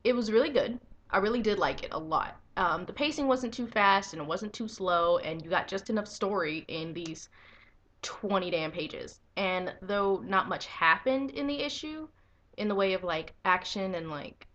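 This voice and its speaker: A young woman with a lowish voice reviews a comic book in a casual video, excitable and freely swearing as she breaks into enthusiastic squeals.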